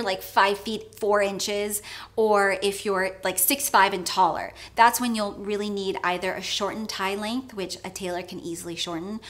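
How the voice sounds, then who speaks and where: A woman's voice: medium pitch, a bit bright. A woman hosting a menswear advice video, giving emphatic, opinionated instructions. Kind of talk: instructional fashion vlog.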